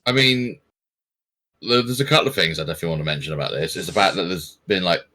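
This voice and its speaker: A man's voice: low voice, fast. A man in casual podcast chat, sarcastic and swearing freely as he runs through film trivia. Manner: swearing, sarcastic, lively storytelling. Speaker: podcast co-host.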